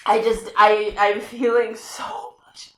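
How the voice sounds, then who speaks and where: A woman hosting a talk show, giving a live psychic medium reading in a halting, rambling way with many restarts. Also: medium pitch, little pitch movement. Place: community TV studio. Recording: roomy, echoey room sound.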